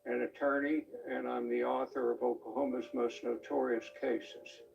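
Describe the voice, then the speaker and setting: A man speaks as an author and attorney in a documentary interview. He recounts events in a plain, matter-of-fact way with a gravelly edge. The sound is dull and a little distant. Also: medium pitch, flat delivery, moderate pace, over music.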